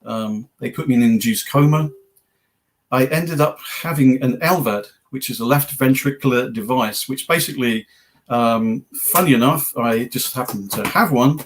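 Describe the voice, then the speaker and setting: A man's voice: medium pitch, normal speed. A man with an English accent, a guest on a talk show, telling his story casually with a joking, self-deprecating manner. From England.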